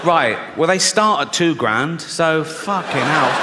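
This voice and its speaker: A man's voice: a little high, lively intonation, a little slow. A man performing stand-up comedy, telling crude, sardonic stories full of swearing. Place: live comedy venue on stage. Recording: live hall reverb, faint noise.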